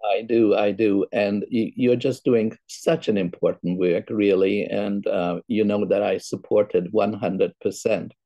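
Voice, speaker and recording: An older man hosting an interview, speaking in a slow, measured way as he wraps up the show. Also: lowish voice, steady tone, dark tone, dry recording, lo-fi sound. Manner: slow, measured, spells things out. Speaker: podcast host. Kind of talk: interview host wrap-up.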